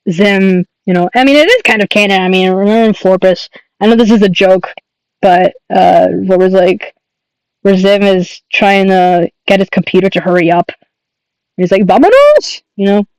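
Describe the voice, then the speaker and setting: A man's voice: sits high, fairly even intonation, normal speed, smooth, dry recording, poor audio. A man chatting on his livestream, rambling enthusiastically with lots of fillers and restarts. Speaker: streamer and artist. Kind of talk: casual livestream chat.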